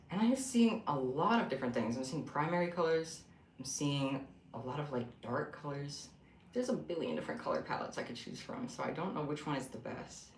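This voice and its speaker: A young man chatting casually on a home craft livestream, expressive and rambling. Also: medium pitch, a little hiss or hum. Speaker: craft streamer. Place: room at home. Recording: echoey room.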